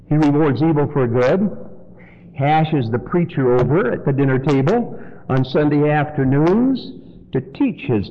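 A man preaching a sermon in church, swinging from loud, high exhortation to low, quiet warning. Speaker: pastor. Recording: dull lo-fi sermon recording with faint noise.

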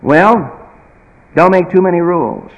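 A folksy preacher delivers a sermon with a fairly high voice. He swings from loud emphatic bursts to quiet, low asides. His voice echoes through a long reverberant hall. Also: expressive, unhurried, creaky, lo-fi sound.

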